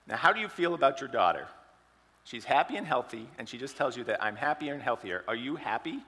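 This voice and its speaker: A man's voice: mid-range voice, animated, brisk, pushed and bright, in a large hall. A man giving a sermon, telling an illustrative story and asking the congregation questions. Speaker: preacher.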